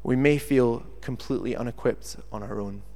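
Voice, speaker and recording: A man's voice: medium pitch, moderate pace. A man preaching a sermon and telling a story from his own life, acting out what people say. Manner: animated storyteller who acts out quotes. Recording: long reverb of a large hall.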